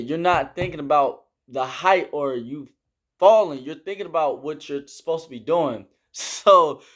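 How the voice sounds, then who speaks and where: Young man rambling through a story. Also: fairly high pitch. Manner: rambling, heavy on fillers like "like"; explains with hand gestures. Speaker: army trainee. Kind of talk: casual storytelling.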